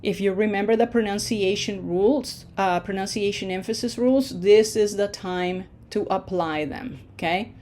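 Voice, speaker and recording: A woman's voice: medium pitch, moderate pace, few pauses, a little mellow. A woman teaching a Spanish pronunciation lesson, stretching out model words with long vowels and asking and answering her own questions.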